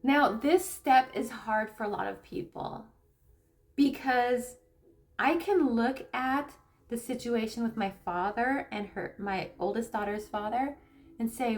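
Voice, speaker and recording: A woman spiritual coach speaking candidly to camera in a personal teaching talk, halting and repeating phrases as she reflects. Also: fairly high pitch. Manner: soft, grounding, reflective. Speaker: spiritual coach and tarot reader.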